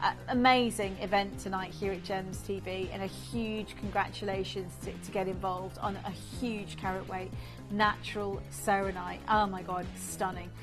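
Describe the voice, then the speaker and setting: A woman presenting a live jewellery auction on a shopping channel, gushing over the stones in rapid sales patter and reeling off bidders' names. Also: medium pitch, fairly even intonation, music in the background. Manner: reels off bidder names and congratulations.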